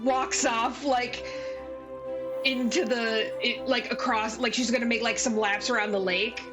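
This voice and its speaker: A woman's voice: a little high, steady tone, a little slow, music in the background. A woman narrating as game master in a loose, filler-heavy storytelling manner.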